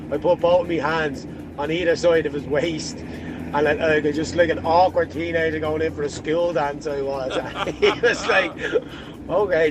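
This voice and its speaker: An Irish man phoning into a radio show from outdoors, with clear street or traffic noise behind him. His voice sits a little higher than most men's. He tells his story in an awkward, self-mocking way. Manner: self-deprecating, laughing at himself. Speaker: caller. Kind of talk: telling a story on air.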